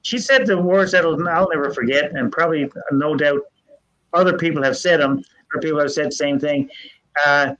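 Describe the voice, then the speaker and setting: A man's voice: on the high side, a bit bright. Older man telling folk tales. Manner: folksy, earnest, halting with restarts. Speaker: storyteller guest. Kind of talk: casual storytelling. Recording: dull lo-fi sound.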